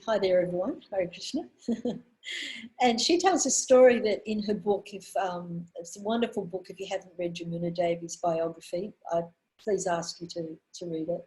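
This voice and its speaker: A woman in her sixties giving a spiritual talk, telling earnest stories with pauses and restarts. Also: mid-range voice, a little mellow, rough recording. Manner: earnest storyteller, pausing on fillers and restarts. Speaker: women's minister giving a talk.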